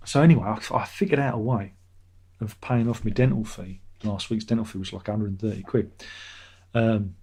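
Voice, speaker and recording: A man's voice: on the low side, warm tone, breathy edge. A middle-aged man hosting a casual live stream, reading out chat messages and rambling sarcastically, often laughing at his own jokes.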